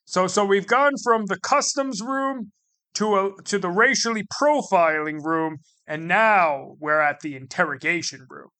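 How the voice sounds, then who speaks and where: A man's voice: sits high, a little slow, pushed and bright, smooth. A man from the United States telling a casual comedic travel story, rambling and sarcastic, repeating himself with many asides.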